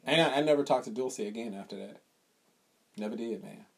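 A young man co-hosting a podcast, telling a profane, animated story in casual chat and acting out the people in it. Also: medium pitch, a little fast, gravelly, breathy edge. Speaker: podcast co-host.

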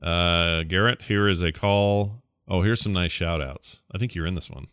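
A middle-aged man co-hosting a podcast, talking in a relaxed, rambling way with lots of fillers. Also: deep voice, normal speed, smooth, no echo, clean studio sound. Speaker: podcast co-host. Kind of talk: casual podcast chat.

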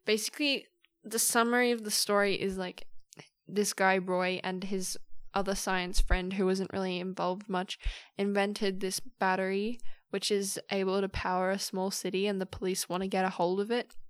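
A woman's voice: medium pitch, level tone, normal speed, smooth, no echo. A young woman hosting a casual solo podcast, rambling and chatty as she retells a film story. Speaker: podcast host.

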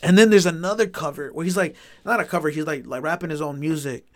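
A man telling a story in casual chat, animated and swearing often, with lots of filler words. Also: fairly high pitch, quick pace, no echo, studio quality.

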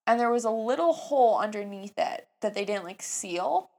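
A young woman in her twenties telling a story casually, with animated jumps between hushed asides and excited outbursts. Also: medium pitch, normal speed.

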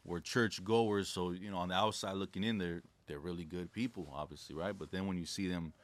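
A man's voice: low-pitched, fairly even intonation, a little fast. A young man speaking as a podcast guest, laid-back and reflective, telling stories in casual slang. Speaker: podcast guest, credit specialist. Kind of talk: casual conversation.

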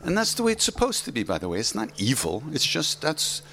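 A man's voice: medium pitch, huge pitch swings, fairly quick, gravelly, a bit bright, soft background music. Rambling, conversational male spiritual teacher. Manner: conversational and rambling, frequent "you know". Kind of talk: informal spiritual teaching talk.

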